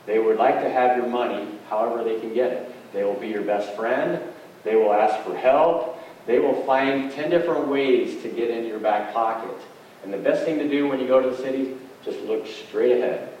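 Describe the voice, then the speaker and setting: A middle-aged man tells a homespun story from the pulpit in a plain, conversational way, at an ordinary pitch for a man. His voice comes from some way off the mic and rings around a very echoey hall, with a faint hiss underneath. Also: darkish tone, recorded from a distance. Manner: folksy, conversational, plain-spoken. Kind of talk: storytelling sermon.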